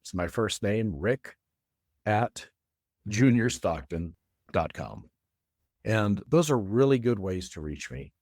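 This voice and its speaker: A man's voice: on the low side, expressive, darkish tone, no echo, clean studio sound. A middle-aged man who is a design consultant and an interview guest, talking in a friendly way and carefully spelling out details. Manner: friendly, careful and deliberate when giving details. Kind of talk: casual interview chat.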